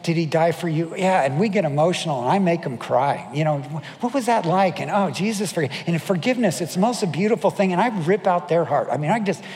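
Preaching from the pulpit, a pastor with a voice high for a man speaks quickly and with animation, barely pausing, his tone somewhat dark. He tells stories, acts out what people said, and keeps putting questions to the audience. A long reverb from a large hall trails each phrase.

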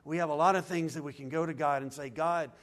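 A man preaching a sermon in an earnest voice, swinging from loud pleading to hushed, low lines. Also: fairly even intonation, fast. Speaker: pastor.

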